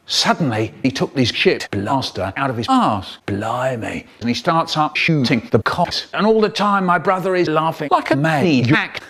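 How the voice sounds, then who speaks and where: An older man telling a story in a spliced reading, animated and bursting into sound effects. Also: on the high side, normal speed, few pauses, faint music behind.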